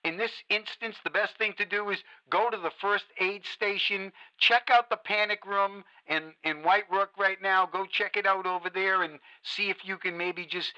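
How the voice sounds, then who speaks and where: A man's voice: high voice, fairly even intonation, normal speed, few pauses, sharp tone. An actor playing a male radio talk show host who speaks in a soothing, reassuring way with hesitant restarts. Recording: muffled radio broadcast.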